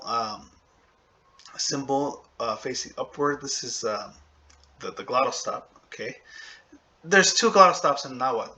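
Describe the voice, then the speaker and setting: A man gives a relaxed video lesson in a bright, forward voice, talking it through with plenty of fillers and quick "right?" check-ins. He slows down to sound out example words for his viewers. The audio is a bit dull and lo-fi. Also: medium pitch. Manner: conversational, thinks aloud with fillers, checks in with "okay?" and "right?"; drops into spoken examples and sounds out words slowly. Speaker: language teacher. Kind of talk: casual video lecture.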